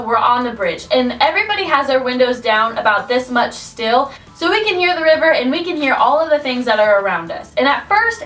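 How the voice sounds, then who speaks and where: A young woman vlogger telling a scary story from her own life in an animated way, her voice rising at the tense moments. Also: high-pitched, far from the mic. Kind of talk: storytime vlog.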